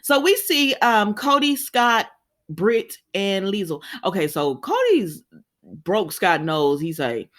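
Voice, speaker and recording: A woman casually chatting to her viewers as she recaps a soap opera, animated and often laughing. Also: medium pitch, slow pace. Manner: frequent laughter and sighs. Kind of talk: casual chat.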